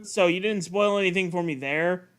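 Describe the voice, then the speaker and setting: Brief: young male co-host, quick joker, sharp high voice. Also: smooth. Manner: joking, swearing, laughs easily. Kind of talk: casual chat on a game stream.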